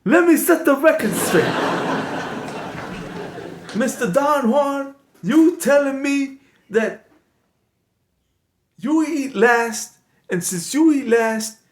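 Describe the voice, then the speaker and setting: A man voicing a brash, loud male wolf talk-show host in an improvised comedy sketch, excitable and full of catchphrases. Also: very high voice, takes it slowly, long pauses, heavily acted. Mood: gleeful. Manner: excitable, shouty, cackling catchphrases. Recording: echoey room with steady noise.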